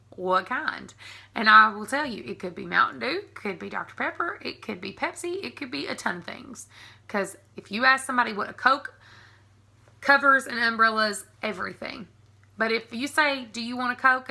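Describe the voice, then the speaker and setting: A woman's voice: on the high side, creaky, bright, forceful tone. A woman in her thirties with a Southern American accent, chatting casually and giggling through an accent tag video. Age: 30s. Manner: chatty, giggly, frequent ums. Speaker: vlogger.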